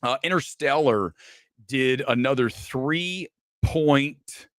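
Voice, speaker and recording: A man's voice: mid-range voice, slow, a bit bright, dry recording, clean studio sound. A man hosting a movie news show, ranting with profanity and sarcasm in casual commentary.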